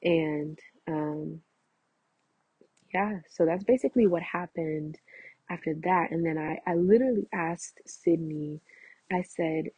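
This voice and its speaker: A woman's voice: low voice, slow pace, breathy edge, dry recording. A young woman vlogging, telling a long story casually and animatedly acting out what others said. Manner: animated, acts out quoted voices, many fillers. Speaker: vlogger recounting roommate conflict. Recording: muffled lo-fi audio.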